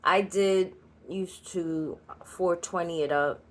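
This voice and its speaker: A woman's voice: lowish voice, steady tone, takes it slowly. A woman with a New York Puerto Rican accent giving a channeled card reading, chatty and blunt, with laughing asides. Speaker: spiritual card reader. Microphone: solo creator recording.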